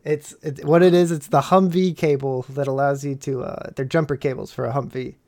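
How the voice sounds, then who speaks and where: A man's voice: medium pitch, steady tone, fairly quick, darkish tone. An American army veteran co-hosting a podcast, swearing freely, laughing often and restarting his sentences in casual chat. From United States.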